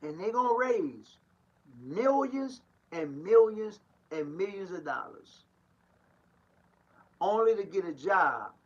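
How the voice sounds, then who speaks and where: Over lo-fi sound, a man whose voice sits high with lively intonation and a breathy edge preaches slowly as a pastor in a street-style podcast monologue. His delivery is emphatic and rhetorical, full of repeated lines, with laughter between points.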